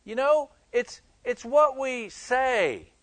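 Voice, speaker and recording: Man, pastor, sermon, high voice, dry close sound, chatty and emphatic. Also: lively intonation, slow, a bit bright, dry recording. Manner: conversational and emphatic, joking with the congregation.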